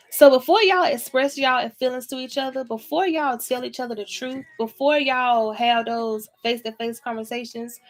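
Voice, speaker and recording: A woman giving a casual tarot reading to camera, talking in a blunt, chatty way with plenty of swearing. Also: fairly high pitch. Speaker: tarot reader.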